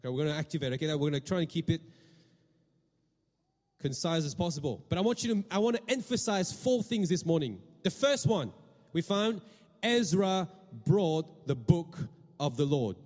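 A pastor preaches a sermon in a fairly high, darkish voice with lively intonation, speaking fairly quickly. He often turns to the congregation with questions, repeating words and restarting phrases, while a long hall reverb rings out around him.

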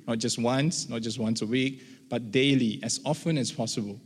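A man's voice: medium pitch, steady tone, normal speed, breathy edge. Man teaching in a reverberant hall. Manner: informal, repeats "right?", voices his prayers aloud. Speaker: church teacher. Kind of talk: conversational sermon teaching. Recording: long reverb of a large hall.

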